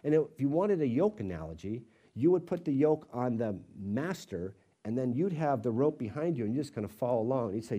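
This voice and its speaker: Middle-aged male pastor, sermon delivery, warm mellow timbre, mid-range pitch, acts out quoted voices. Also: animated, fairly quick, hardly any pauses. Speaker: pastor of a college fellowship.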